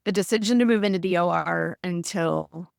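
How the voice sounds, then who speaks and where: A woman in her thirties telling a personal story in a conversational way, animated and acting out the lines of people in it. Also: fairly low pitch, moderate pace, vocal fry, smooth, no room sound, studio quality. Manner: animated, acts out quoted dialogue. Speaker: guest recounting her birth.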